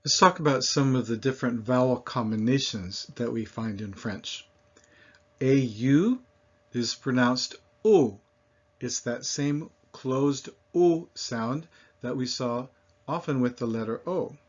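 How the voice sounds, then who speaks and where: A man teaching French pronunciation, slowly modeling sounds for learners to repeat. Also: mid-range voice. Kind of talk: pronunciation lesson. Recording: dull lo-fi recording.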